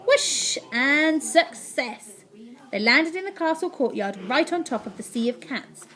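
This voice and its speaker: Woman teacher, reading aloud to class, high voice, very animated, playful sound effects. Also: fairly quick.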